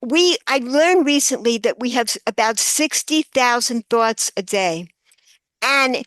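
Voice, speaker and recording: Older woman, high voice, dry close sound, earnest storyteller. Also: animated, fairly bright tone, dry recording. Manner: earnest storytelling, slows for emphasis. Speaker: guest author. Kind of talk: podcast interview.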